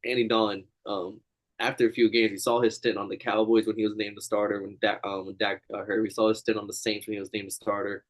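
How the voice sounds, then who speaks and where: A man's voice: fairly low pitch, flat delivery, quick pace, poor audio. A man co-hosting a casual sports betting chat, reasoning through his picks in a laid-back, rambling way. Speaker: podcast co-host.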